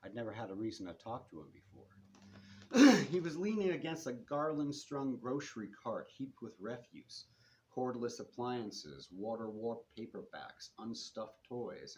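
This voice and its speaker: A man, the author, reading his first-person novel aloud in a bookstore with measured storytelling and shifting pace. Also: fairly low pitch, darkish tone, slight background noise.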